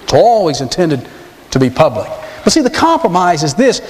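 A male pastor delivers a sermon with emphatic stresses and repeated questions to the congregation. His voice sits high and rises and falls dramatically. A long reverb hangs in the hall around him. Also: very animated, a little fast, a little mellow.

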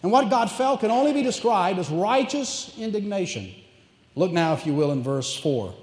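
East Tennessee pastor, emphatic, fairly high voice, in a big echoing church hall. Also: male voice, moderate pace. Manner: animated, emphatic preaching with rhetorical questions. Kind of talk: sermon. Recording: echoey church hall reverb.

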